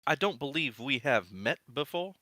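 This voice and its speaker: A man's voice: mid-range voice, expressive, moderate pace, sharp tone, no echo, pitched above the performer's own voice. A man voicing a worried middle-aged town governor who asks earnest, businesslike questions in a tabletop game. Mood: concerned.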